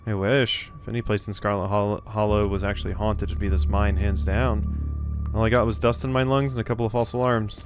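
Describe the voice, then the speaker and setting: A man's voice: lowish voice, level tone, fairly quick, over music, lightly acted. A man voicing a cheeky, thrill-seeking young woman in a game, playful and teasing.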